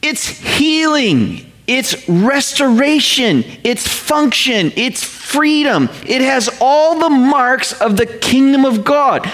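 A man preaching a sermon, slowing down to read scripture and speeding up in quick explanatory asides. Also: extremely high pitch. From North America. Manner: animated, quotes scripture slowly, paraphrases in quick asides. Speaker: pastor.

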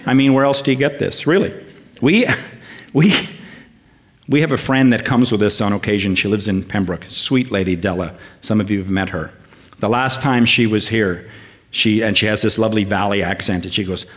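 Older guy preaching in church, lowish voice, stops and starts, warm and earnest. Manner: warm, halting with fillers and restarts, builds up with lists. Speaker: guest preacher. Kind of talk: sermon.

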